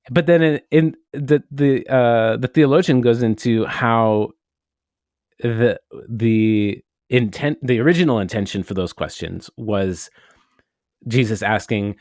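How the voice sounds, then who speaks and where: A man's voice: medium pitch, a little slow, a little mellow, dry recording. Guy on a podcast rambling through a story, casual, swears some, dry room sound. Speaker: podcast co-host. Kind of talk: casual chat.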